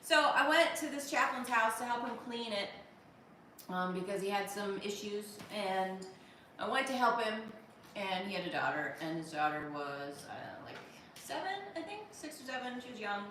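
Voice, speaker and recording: Woman host, casual stream chat, animated and laughing often; mid pitch, echoey room with noise. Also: normal speed, distant mic. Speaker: livestream host. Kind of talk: casual live-stream chat, reading viewer comments. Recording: echoey room, voice off-mic, noisy.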